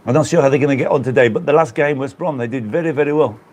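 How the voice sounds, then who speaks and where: A man's voice: medium pitch, very fast, darkish tone. A man from the Black Country of England, hosting a casual live stream and chatting in a rambling way with viewers he greets by name.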